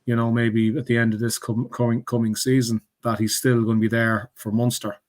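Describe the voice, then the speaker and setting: A man's voice: medium pitch, level tone, a little fast, darkish tone. A man on a sports podcast panel, speaking hesitantly with many ums and restarts. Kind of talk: casual podcast chat.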